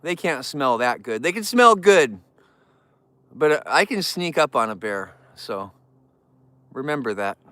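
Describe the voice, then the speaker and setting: A man hosting a casual live stream among bears, talking in a relaxed, rambling way and thanking viewers in chat. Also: measured pace, long pauses, dry recording. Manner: cooing baby talk to the bears, squealing high. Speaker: livestream host with bears.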